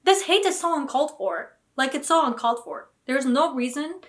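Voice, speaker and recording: A woman's voice: high-pitched, lively intonation, normal speed, a bit bright. A young woman vlogging about books, talking casually and animatedly with dramatic, indignant outbursts. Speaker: book vlogger. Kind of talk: casual reaction vlog.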